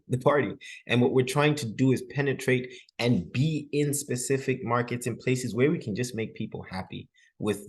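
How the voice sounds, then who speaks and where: A man hosting a webinar, talking casually and hesitantly, often repeating words. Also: lowish voice. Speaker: webinar host.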